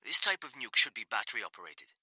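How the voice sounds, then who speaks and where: A male narrator voicing a Welsh naval engineer who calmly coaches someone through disarming a device over a radio line. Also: mid-range voice, slightly rough, dry recording, voice pushed up, heavily acted, rough recording. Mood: coaching. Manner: steady, coaching, rushed under pressure. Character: Welsh male bomb-disposal engineer, calm guide.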